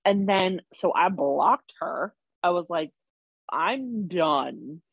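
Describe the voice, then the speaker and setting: A woman speaks candidly about her past, her words rambling and full of fillers. Her voice sits a little low and husky. The sound is dry and close, with a dull, lo-fi edge. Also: lively intonation, slow pace, no room sound. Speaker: guest. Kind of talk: candid personal story.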